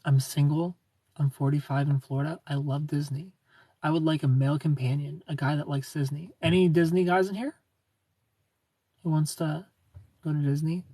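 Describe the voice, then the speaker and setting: A man from Ohio hosting a casual livestream, reading viewer comments aloud in a soft, low-key way and slipping into quiet asides. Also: little pitch movement, moderate pace, pauses often, husky, dry recording. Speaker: livestream host.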